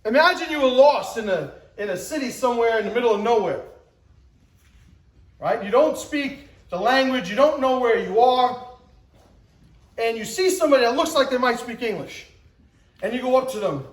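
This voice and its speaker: Expressive and moderately paced, this man in his forties pauses often during his motivational talk. He speaks emphatically, acting out scenes with a rising pitch and shouts, on a rough, reverberant recording.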